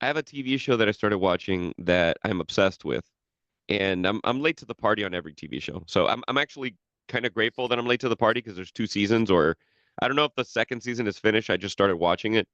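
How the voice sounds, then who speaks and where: This podcast co-host rambles through casual chat, restarting often and swearing freely. His voice is fairly low, fast and a bit bright, with no echo, on a muffled recording.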